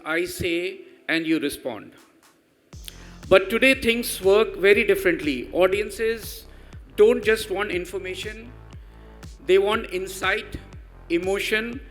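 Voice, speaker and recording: A man with an Indian English accent giving a measured, emphatic conference talk. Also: sits high, a bit bright. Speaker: panel speaker.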